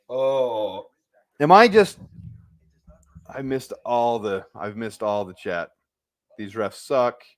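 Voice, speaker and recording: This watch party host's medium-pitched voice is expressive but very slow, with frequent pauses. Reacting live to the game play by play, he rants in agitation and yells at the referees when angry.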